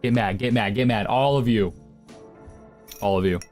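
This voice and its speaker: A man's voice: lowish voice, normal speed, a little mellow, faint music behind. A young man live streaming, answering chat with crude, provocative, slang-heavy banter.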